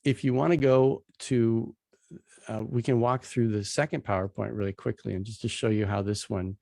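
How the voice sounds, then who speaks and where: A man's voice: lowish voice, steady tone, normal speed, vocal fry, darkish tone, dry recording. A man casually teaching a Bible passage, retelling its scenes in plain, everyday slang as he walks through slides.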